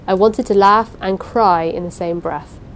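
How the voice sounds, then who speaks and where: A woman's voice: medium pitch, fairly even intonation, a little slow, slight background noise, rough recording. A woman narrating a first-person story aloud, reading in a dramatic, suspenseful way. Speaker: audiobook narrator.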